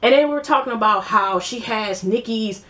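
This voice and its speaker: A woman's voice: a little high, moderate pace, a bit bright. Blunt, rambling woman vlogger. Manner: rambling, blunt, profane, many fillers. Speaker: YouTube TV-show reviewer. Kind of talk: casual vlog commentary.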